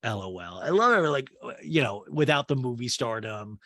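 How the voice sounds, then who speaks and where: A man's voice: mid-range voice, expressive, moderate pace, sharp tone, dry recording, studio quality. A man hosting a podcast, rambling through a chatty episode recap with lots of filler words. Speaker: podcast host.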